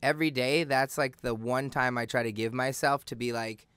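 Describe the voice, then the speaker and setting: A man's voice: mid-range voice, steady tone, moderate pace, a bit bright, clean tone, no echo. A man co-hosting a podcast in a casual, slangy, laid-back chat, talking as a father.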